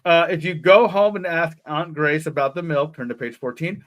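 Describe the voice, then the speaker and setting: A man's voice: on the high side, normal speed, fairly bright tone. A middle-aged man co-hosting a live podcast, reading an adventure gamebook aloud with frequent jokes and laughter. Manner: jokey, laughs often, ad-libs. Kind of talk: comedic live read-along.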